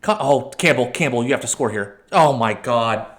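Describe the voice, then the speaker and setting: A man hosting a let's-play, commentating a match with excitable outbursts, shouting at his players and correcting himself. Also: mid-range voice, normal speed. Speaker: video game channel host.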